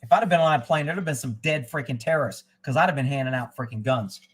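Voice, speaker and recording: A man's voice: mid-range voice, quick pace, fairly bright tone, breathy edge, low-quality recording. A man hosting a live stream, telling stories in a casual, rambling way, blunt and profane, digressing as he goes. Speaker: host of a live news and chat stream; former child abduction investigator.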